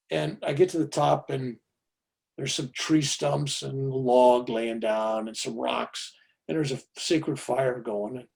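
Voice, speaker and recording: A man in his seventies, a podcast guest, telling a personal story in an animated, chatty way with many "you know"s. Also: a little high, creaky.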